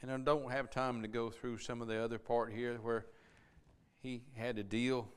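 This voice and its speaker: A man preaching a sermon, swinging between fervent pleading and soft, hushed asides. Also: medium pitch, flat delivery, normal speed, smooth.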